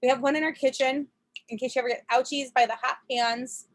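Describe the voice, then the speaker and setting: A woman's voice: sits high, fairly even intonation, a little fast. A woman chatting casually on a video call from a camper, telling a story with frequent laughs, fillers and restarts. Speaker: presenter.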